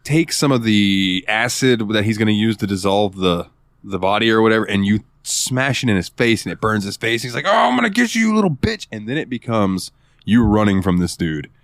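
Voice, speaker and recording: Podcast co-host, male, lowish voice, dry close sound, excitable and profane storyteller. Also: moderate pace, dry recording. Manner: excitable storyteller, swears freely. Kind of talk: casual gaming chat.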